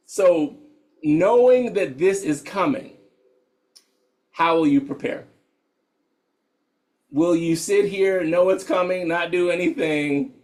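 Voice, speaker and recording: Male meditation guide, casual and slangy, voice a touch high. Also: slow, pauses often, darkish tone. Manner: laid-back, slangy, laughs often. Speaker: meditation teacher.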